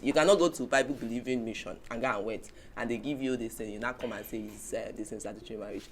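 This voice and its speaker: A woman's voice: very deep voice, quick pace, hardly any pauses. A woman hosting a casual talk show, explaining points from her notes. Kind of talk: casual panel chat.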